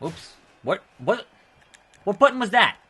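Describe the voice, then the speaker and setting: A man casually commenting while playing a wrestling video game, chatty and quick to react out loud. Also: high-pitched, sing-song. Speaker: gaming video host. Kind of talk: casual let's play commentary.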